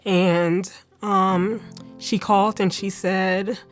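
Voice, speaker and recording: A woman's voice: medium pitch, little pitch movement, extremely slow, faint music behind. A woman telling her own story in a casual personal testimony, talking conversationally with many fillers and restarts. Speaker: cancer survivor giving a testimony.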